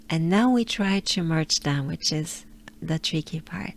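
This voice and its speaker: A woman's voice: low voice, unhurried. A woman from France with a French accent, coaching pronunciation patiently and drilling each sound by repetition. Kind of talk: slow pronunciation lesson.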